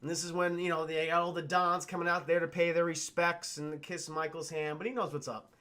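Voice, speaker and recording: A man on a casual livestream, retelling a film scene by scene in a rambling, profane, animated way and talking to his chat. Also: fairly high pitch, brisk. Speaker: streamer reviewing a film with chat.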